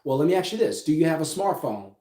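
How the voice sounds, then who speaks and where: A man's voice: on the high side, sing-song, fast, dark tone. A man giving an emphatic motivational business talk, firing rhetorical questions and tagging lines with "right?". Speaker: business coach. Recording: echoey room.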